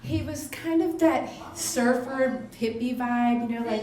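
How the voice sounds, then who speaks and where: A woman's voice: on the high side, a little slow, few pauses, darkish tone, a little hiss or hum. A woman telling a personal story on stage at a small restaurant venue, poking fun at herself and laughing often as she goes. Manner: self-deprecating, laughs often while telling. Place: beach shack restaurant venue, indoors. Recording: roomy live venue.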